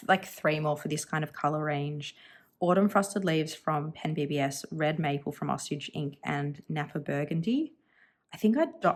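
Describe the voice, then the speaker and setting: A woman's voice: low-pitched, creaky, a little mellow. A woman in her thirties chatting casually and thinking aloud while swatching inks for her channel, musing and self-deprecating. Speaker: stationery vlogger.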